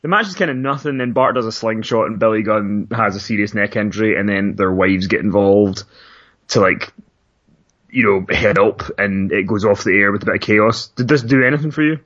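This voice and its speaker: A man hosting a podcast in casual chat, briskly asking questions and wrapping up the show. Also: on the low side, fairly bright tone, highs cut off. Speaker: podcast host.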